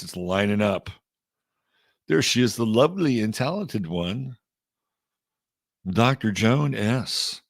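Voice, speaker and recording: A man's voice: fairly low pitch, lively intonation, slow, vocal fry, pauses often, no room sound, studio quality. A middle-aged man from Texas hosting an astrology livestream, chatting loosely and greeting viewers by name. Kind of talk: casual livestream chat.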